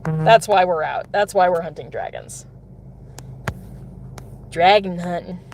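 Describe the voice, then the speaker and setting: A woman's voice: on the low side, slow, a little mellow, a little hiss or hum. A woman casually chatting with viewers while she plays a mobile game in her car, giggling often. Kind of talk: casual live-stream chat while playing. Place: in a car, pulling over.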